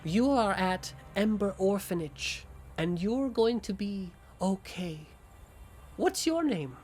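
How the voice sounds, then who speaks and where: A man voicing a kindly old woman who runs an orphanage, gentle and motherly, in a tabletop game role-play. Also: sits high, expressive, takes it slowly, faint music behind, pitched above the performer's own voice. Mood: tender.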